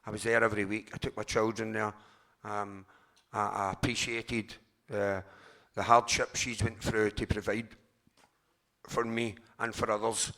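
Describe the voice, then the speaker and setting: A middle-aged Glaswegian man shares his recovery story at a convention. His voice is gravelly and edged with a bright, sharp tone. He talks in a raw, unpolished way, swears freely and often stops and restarts. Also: lowish voice, little pitch movement, a little slow. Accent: Glaswegian Scottish. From Scotland, Glasgow. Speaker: speaker sharing at a recovery convention.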